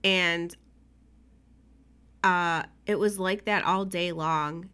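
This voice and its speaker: A woman's voice: on the low side, steady tone, extremely slow, bright, forceful tone, smooth. Emotional young woman co-hosting a podcast. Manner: emotional, teary, laughs often. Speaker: podcast co-host. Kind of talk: casual chat.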